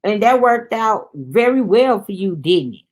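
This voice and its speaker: A woman's voice: mid-range voice, big pitch swings, a little slow. A woman voicing an angry grown son who challenges his father with pointed questions. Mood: defiant.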